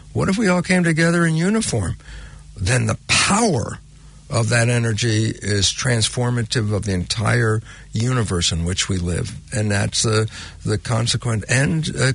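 A man as an interview guest, explaining in a lively conversational way and acting out his own past conversations. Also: medium pitch, vocal fry, slightly rough, dry recording. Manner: animated, acts out his own remembered conversations.

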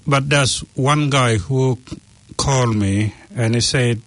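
Measured man, hesitant fillers, dry sound. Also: medium pitch, vocal fry, dry recording. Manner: measured and explanatory, with hesitant fillers and lively acted-out quotes. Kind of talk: conversational interview.

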